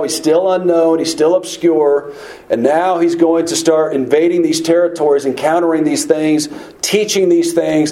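A man's voice: on the high side, dark tone, poor audio. A man teaching a sermon through a Bible passage in a conversational way, asking rhetorical questions. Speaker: preacher.

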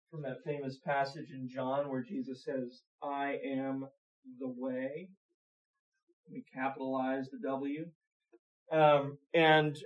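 A man preaching a conversational sermon, asking rhetorical questions and often repeating words as he goes. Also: mid-range voice.

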